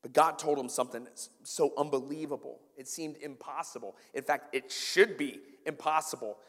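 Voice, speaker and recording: A man preaching a sermon as pastor, swinging between loud emphasis and quiet asides. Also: on the high side, moderate pace, in a large hall.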